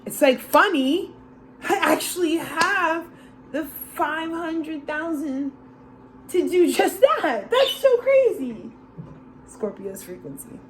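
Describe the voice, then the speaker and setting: A woman's voice: sits high, very animated, slow pace, background noise. A woman giving a casual, channeled tarot reading, slangy and loose, calling listeners bro and laughing often. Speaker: tarot reader.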